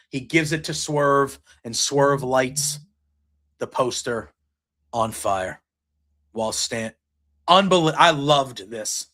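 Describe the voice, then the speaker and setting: Excitable man recapping wrestling. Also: on the high side. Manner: excited, rambling, retells scenes and quotes. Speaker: podcast host. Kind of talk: casual wrestling show recap. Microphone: streaming setup.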